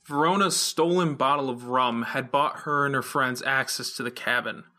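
A male narrator reading an audiobook chapter, carrying the story at a steady, even pace. His voice sits at a middle pitch and has a bright, clear-cut tone that stays forward throughout. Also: moderate pace. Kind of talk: scripted narration.

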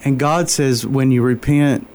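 A man as an interview guest, telling a personal faith story in an earnest, halting way, openly moved. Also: medium pitch, steady tone, darkish tone. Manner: earnest, halting, many fillers and restarts.

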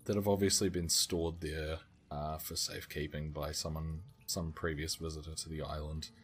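A man narrating as game master of a tabletop game, describing scenes calmly with hesitant fillers. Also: extremely low pitch. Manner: calm, measured descriptions with fillers.

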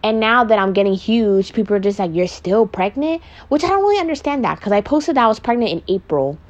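On the high side and very animated, this young pregnant woman talks at a quick pace, with the highs cut off in the audio. A vlogger doing a makeup podcast, she's emotional, profane, and candid, using "like" heavily as she confides casually.

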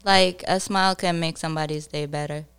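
Young woman on a podcast, giggly, animated, lowish smooth voice. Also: fairly quick. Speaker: podcast co-host. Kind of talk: casual podcast banter.

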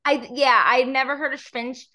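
A young woman hosting a casual podcast chat, giggly and animated, swearing freely. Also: sits high, moderate pace. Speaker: podcast host.

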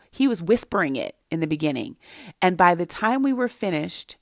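A woman's voice: on the low side, very animated, moderate pace, gravelly, no echo, studio quality. A middle-aged woman giving an earnest faith-based talk to mothers, telling a personal story with emphatic repetition. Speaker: Christian speaker to mothers.

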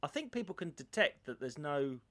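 Man, middle-aged, rambling storyteller, swinging pitch, casual podcast banter. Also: big pitch swings, a little fast, a bit bright, no room sound. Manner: rambling storyteller, puts on voices in anecdotes. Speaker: podcast co-host. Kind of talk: casual chat.

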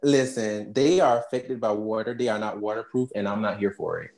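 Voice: medium pitch, brisk, vocal fry. A podcast co-host casually recapping a movie, acting out lines with laughter and swearing freely. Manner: animated, laughing storyteller who acts out quotes; casual cursing.

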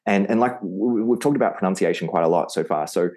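A man's voice: low voice, fast talker, dark tone. A man with an Australian accent, a podcast guest who teaches Spanish, explaining patiently and repeating words to show how they sound. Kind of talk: podcast interview.

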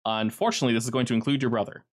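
Male game master, mid-pitched, casual and vivid narration with filler words. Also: steady tone, very fast.

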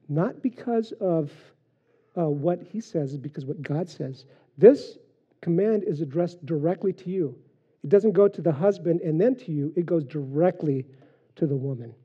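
A pastor delivers a conversational sermon in a slightly high, husky voice, often pausing on fillers as he teaches. The recording sounds dull and lo-fi. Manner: conversational preaching with frequent fillers and anecdotes.

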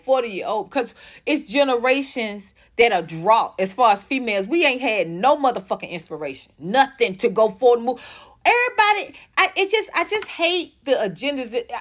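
A young woman ranting profanely as a commentary host, blunt and heated, jumping between fast outbursts and slow stressed words. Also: high-pitched, a bit bright.

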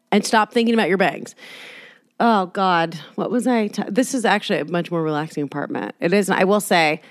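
Brief: woman, solo podcast host at home, candid and rambling, mid pitch, dry room. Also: no echo. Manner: rambling, candid, sweary, self-deprecating. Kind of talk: casual solo podcast monologue. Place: apartment. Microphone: laptop.

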